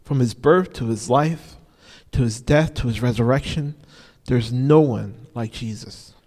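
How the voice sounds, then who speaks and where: A man's voice: mid-range voice, a little slow, darkish tone. A man preaching an informal sermon, repeating key phrases for emphasis and often saying "you know". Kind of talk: conversational sermon. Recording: long reverb of a large hall.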